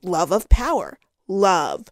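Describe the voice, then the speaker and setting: A woman's voice: lowish voice, huge pitch swings, slow, no echo, clean studio sound. A woman giving a casual, sarcastic and exasperated rant review of a book on her channel.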